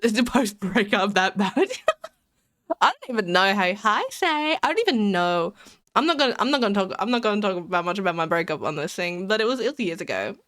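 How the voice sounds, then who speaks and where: A woman streamer in casual live-stream chat, excitable and giggly, rambling and repeating herself. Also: medium pitch, a little fast, no echo, studio quality.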